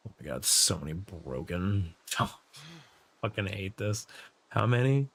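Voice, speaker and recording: A man's voice: low voice, lively intonation, a little slow, creaky, fairly bright tone, breathy edge. A man streaming a survival game, chatting loosely and profanely to himself as he plays. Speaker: gaming streamer and server host. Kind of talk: casual gameplay commentary.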